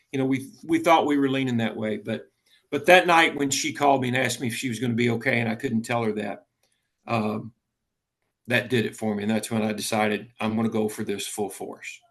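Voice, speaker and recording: A man, a political candidate talking earnestly in a casual interview, often halting and restarting. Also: medium pitch, steady tone, a bit bright.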